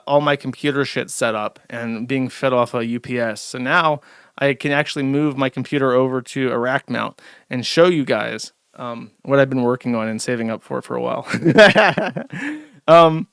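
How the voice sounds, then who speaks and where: Young dude streamer, crude sarcastic commentary, smooth clear voice, dry room. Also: male voice, mid-range voice, fairly bright tone, no echo. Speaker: streamer host. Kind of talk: casual commentary. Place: home studio.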